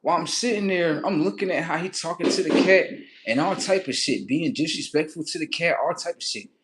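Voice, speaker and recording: A man's voice: a little high, fairly quick, heavy background noise. A man telling a story in a casual, profane, ranting way on his livestream.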